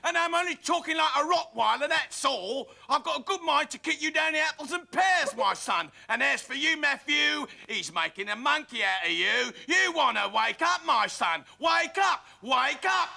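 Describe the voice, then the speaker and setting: A man voicing a brash, threatening tough guy with a London accent, shouting and blustering. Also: extremely high pitch, animated, moderate pace, vocal fry, hardly any pauses, voice pushed up, full character voice.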